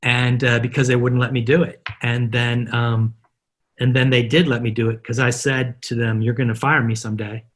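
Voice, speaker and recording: A middle-aged man with a husky, slightly breathy voice, guesting on a podcast. He tells stories with energy and keeps acting out the dialogue from them. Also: medium pitch, moderate pace. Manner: animated anecdotes, acting out quoted dialogue. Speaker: guest, marketer. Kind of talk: storytelling in a podcast interview.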